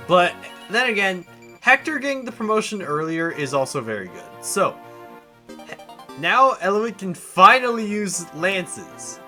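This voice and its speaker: A man streaming a video game, chatting casually and laughing, with game music underneath. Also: high voice. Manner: animated, laughing, chatty reactions. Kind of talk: casual gameplay commentary.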